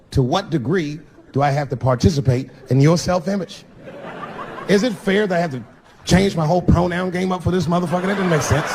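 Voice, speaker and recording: A male stand-up comedian telling a story on stage, switching between loud punchlines and mumbled asides. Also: fairly high pitch. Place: theater stage before a laughing audience. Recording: live show with audible room noise.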